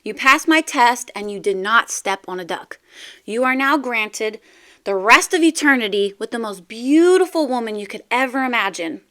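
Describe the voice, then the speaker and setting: A woman's voice: on the high side, expressive, moderate pace, bright, forceful tone. A woman voicing God at heaven's gates. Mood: proclaiming. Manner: proclaiming, laying down rules. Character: male God at heaven's gates, stern and grand.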